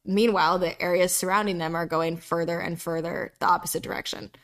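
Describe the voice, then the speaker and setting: A woman's voice: on the low side, steady tone, fairly quick, a bit bright. A woman from North Carolina talking in a casual podcast conversation, earnest and reflective, often repeating her phrases. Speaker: podcast speaker.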